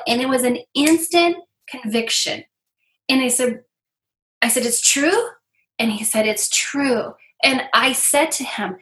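Bright-voiced woman sharing her testimony. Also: a little high, moderate pace. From Iowa. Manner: earnest, heartfelt storytelling with many fillers. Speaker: interview guest. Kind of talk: personal testimony.

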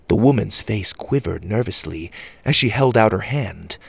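A man reading a children's audio story aloud as narrator, with expressive storytelling. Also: on the low side, normal speed, vocal fry, breathy edge, dry recording.

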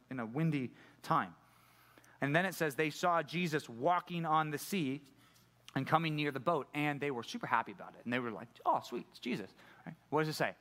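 A middle-aged pastor giving a conversational sermon, often putting questions to the congregation. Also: male voice, a little high, fairly bright tone. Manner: conversational preaching, asks the audience questions.

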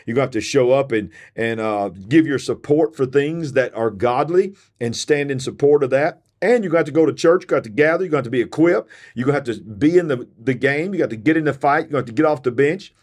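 A man's voice: mid-range voice, lively intonation, a little fast, hardly any pauses, darkish tone. Man, preacher host, tired, emphatic, repetitive, sermon-like. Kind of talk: fiery sermon-style podcast.

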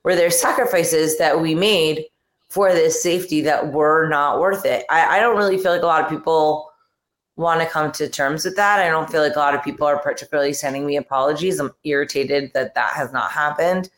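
A woman's voice: low voice, a little fast, roomy sound. A woman guest on a podcast talking frankly and irritably in casual conversation, trailing off with fillers. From New York and New Jersey area.

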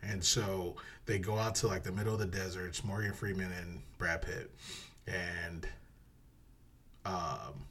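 A man's voice: low-pitched, steady tone, a little slow, fairly bright tone, breathy edge. A man co-hosting a podcast in casual chat, rambling through a movie plot and acting out quotes. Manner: rambling, laughs often, acts out quotes in a dropped voice. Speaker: podcast co-host.

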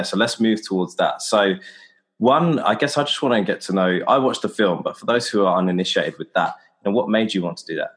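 A man hosting an interview podcast, speaking softly and encouraging his guest. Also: low-pitched. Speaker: podcast host.

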